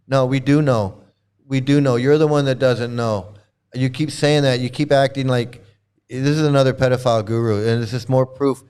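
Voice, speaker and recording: A man's voice: mid-range voice, steady tone, normal speed, a little mellow, clean tone. A male host giving livestream commentary in an emphatic, exasperated way, often repeating himself and swearing. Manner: emphatic, exasperated, repetitive, profane.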